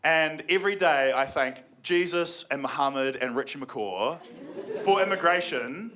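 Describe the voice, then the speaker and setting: A young New Zealand man doing stand-up comedy live, sarcastic and excitable, now and then jumping into shouted mocking voices. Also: a little high, a little slow. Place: comedy venue with live audience. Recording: live show with audible crowd. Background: audience laughter.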